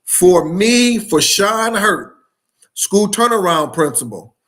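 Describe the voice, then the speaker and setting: A man from Michigan hosting a live education stream, greeting viewers with energetic, repetitive shout-outs. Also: sits high, slow. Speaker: host of live education show.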